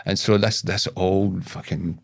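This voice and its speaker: A man's voice: sits low, steady tone, measured pace, vocal fry. A man with a Scottish accent, a guest telling a long story in casual talk, swearing freely and tripping over and repeating his words. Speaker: podcast guest.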